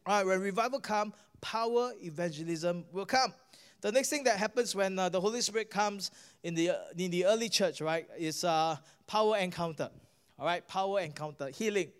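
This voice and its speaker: A man's voice: high-pitched, smooth. A male pastor with a Singaporean English accent, preaching a sermon and telling a healing story, often asking the crowd "guess what?" and stumbling over repeated words. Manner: animated preaching, asks the crowd "guess what?" and "all right?"; halting restarts and repeated words.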